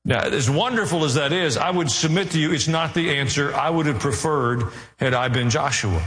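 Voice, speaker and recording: Earnest preacher in a reverberant hall. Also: male voice, normal speed, hardly any pauses, fairly bright tone. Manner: earnest, rising in pitch and intensity, dry asides. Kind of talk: sermon.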